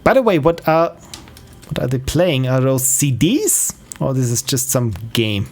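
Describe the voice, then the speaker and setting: A man's voice: mid-range voice, very animated, unhurried, a little mellow. A man streaming games, casually thinking aloud with fillers while he plays. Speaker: game streamer. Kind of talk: casual live-stream commentary.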